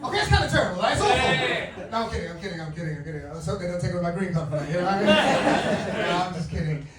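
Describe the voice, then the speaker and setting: A man from England doing a live stand-up set, excitable and laughing often as he works the crowd. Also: high-pitched, very fast, very noisy. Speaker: stand-up comedian. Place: comedy club stage. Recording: roomy club recording from a distance, with loud crowd. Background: loud laughing audience.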